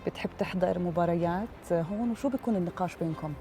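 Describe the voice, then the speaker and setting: A woman hosting a morning sports TV show, putting brisk questions to her guest. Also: lowish voice, warm tone. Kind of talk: TV interview questions.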